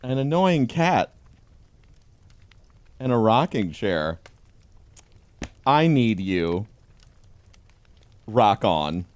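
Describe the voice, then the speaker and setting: A man giving a deadpan comedic reading of a holiday pun book, with dry delivery. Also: on the low side, very slow, long pauses, no room sound. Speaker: host.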